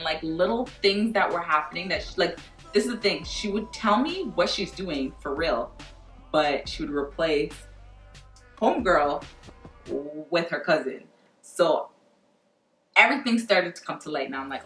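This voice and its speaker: A young woman telling a profane, animated storytime vlog and acting out quoted dialogue. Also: lowish voice, fairly quick. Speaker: vlogger. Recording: echoey room from far off with faint music.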